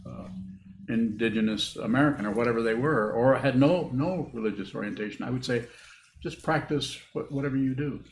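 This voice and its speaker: A man giving a dharma talk as a Buddhist teacher, answering questions in a halting, thoughtful way and repeating words as he rethinks. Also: mid-range voice. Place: meditation hall with a group. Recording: echoey room with faint hiss.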